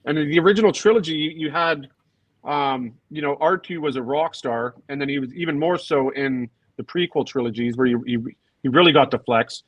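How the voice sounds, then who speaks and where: A man co-hosting a fan podcast in casual chat, thinking aloud with many pauses and trailing sentences. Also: a little high, no echo, muffled recording. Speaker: podcast co-host.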